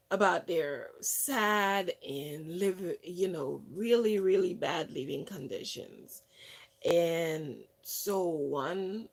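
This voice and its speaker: A woman hosting a wellness channel, telling stories casually with many fillers and restarts, and acting out other people's words with lively shifts. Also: on the low side, vocal fry. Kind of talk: casual storytelling monologue.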